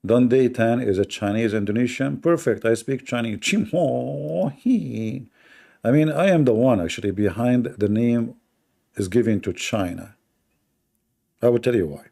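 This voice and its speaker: Gravelly sarcastic male streamer. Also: medium pitch, moderate pace, warm tone. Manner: sarcastic, mocking. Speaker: debate livestream host. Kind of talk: livestream chat monologue.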